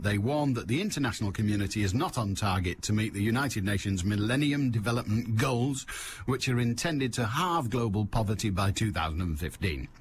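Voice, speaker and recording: A man's voice: medium pitch, slight background noise. A man hosting a call-in radio show, talking in a wry, digressive, jokey monologue. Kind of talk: rambling comic monologue.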